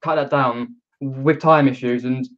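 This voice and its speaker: A man's voice: mid-range voice, steady tone, a little slow. A man hosting a casual live stream, talking hesitantly with many ums and restarts and reading viewer comments aloud. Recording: dull lo-fi stream audio.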